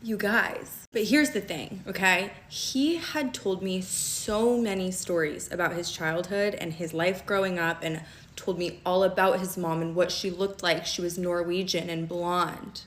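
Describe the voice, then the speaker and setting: A young woman telling a personal story in a vlog, emphatic and fast, often stopping to check in with "okay?". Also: lowish voice, steady tone, a bit bright. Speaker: storytime vlogger. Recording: echoey room.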